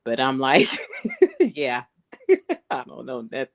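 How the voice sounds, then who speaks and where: A woman who is a guest on a live stream, chatting casually and quick to laugh. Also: a bass voice, huge pitch swings.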